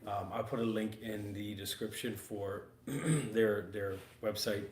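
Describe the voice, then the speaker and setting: A podcast host with a lowish, slightly hoarse voice, still getting over losing it, chats slowly in a rambling, easygoing way full of fillers. He seems to be in a roomy art supply store and working studio, with a faint ambient hum behind him.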